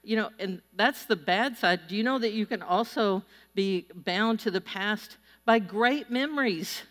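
Woman pastor, sermon, conversational storytelling, medium pitch, long hall reverb. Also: unhurried, fairly bright tone. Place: church auditorium before a large crowd.

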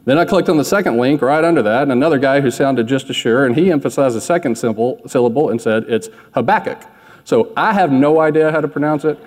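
A man's voice: mid-range voice, fast, few pauses, a little mellow. Man preaching casually in a reverberant hall. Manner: candid, self-deprecating, conversational preaching. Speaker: pastor. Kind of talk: sermon.

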